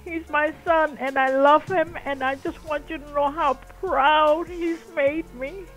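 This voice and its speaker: A woman's voice: high-pitched, fairly even intonation, measured pace, a bit bright, muffled recording. An older woman calling in to a talk show, emotional and tearful as she speaks. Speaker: caller, guest's aunt. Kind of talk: phone call to a talk show.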